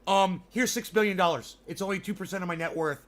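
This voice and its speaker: A man doing a mocking impression of a tech billionaire who stalls on endless ums and uhs, speaking softly and hesitantly. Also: high-pitched, quick pace, voice pushed up. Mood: dismissive. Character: halting, stammering impression of a rich male tech mogul. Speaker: livestreamer.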